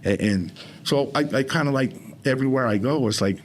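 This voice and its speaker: A man's voice: medium pitch, a little fast, slight background noise. A man speaking as a podcast guest, rambling with many restarts as he tells his story. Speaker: interview guest in recovery. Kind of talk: casual conversation.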